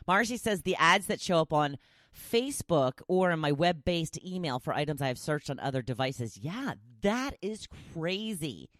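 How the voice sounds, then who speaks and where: A woman's voice: low-pitched, big pitch swings, moderate pace, dry recording, studio quality. A woman hosting a podcast, chatting casually and opinionated as she reads out listener replies. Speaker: podcast host. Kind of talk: casual solo chat reading listener replies.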